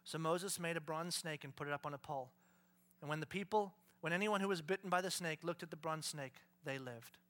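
Middle-aged guy preaching, acts out quotes loud, kinda high bright voice. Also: a little fast. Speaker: pastor. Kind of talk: sermon.

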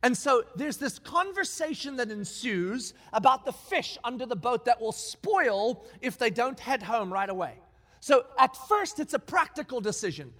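Man, very high voice, lively pitch swings, animated sermon storytelling, long hall reverb. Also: unhurried. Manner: animated, acts out quoted lines, emphatic.

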